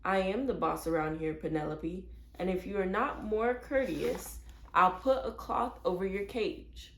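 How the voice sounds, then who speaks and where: A woman's voice: medium pitch, measured pace, gravelly, a little hiss or hum. A woman voicing a worried, polite mother in a read-aloud storybook. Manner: fretful, polite. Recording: roomy echo.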